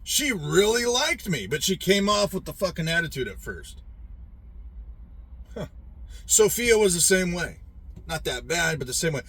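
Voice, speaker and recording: Man, husky voice, lively swooping pitch, profane rambling rant. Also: measured pace, pauses often. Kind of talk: rambling monologue.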